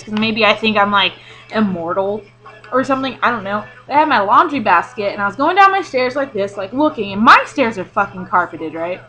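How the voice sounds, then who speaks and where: A woman's voice: on the high side, a bit bright, poor audio. A young woman vlogger telling a rambling, sweary, self-mocking story in casual chat.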